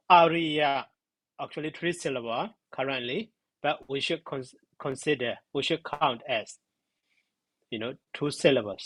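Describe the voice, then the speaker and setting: A man giving a spoken grammar lesson, slow and halting, sounding out syllables one by one. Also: medium pitch, a bit bright, dry recording, low-quality recording. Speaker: monk teaching grammar.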